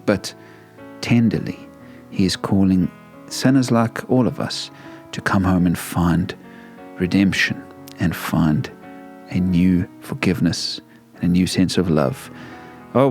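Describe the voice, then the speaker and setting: A man hosting a devotional talk about a hymn, speaking gently and earnestly, often pleading with the listener. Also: low voice. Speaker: Christian devotional host.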